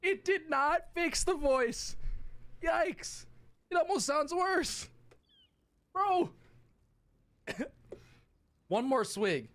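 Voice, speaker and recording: Young man, hoarse voice, live game streamer, profane, joking, high swinging pitch, dry close sound. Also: lively intonation, extremely slow, long pauses, a bit bright, no echo. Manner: profane, joking, self-mocking. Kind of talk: casual live gaming stream chat.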